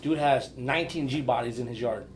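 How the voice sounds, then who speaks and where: A man's voice: medium pitch, fairly quick, a crowd in the background. A man on a podcast as a guest, casually telling stories and acting out the voices in them. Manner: animated storyteller who acts out voices in his tales. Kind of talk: casual storytelling.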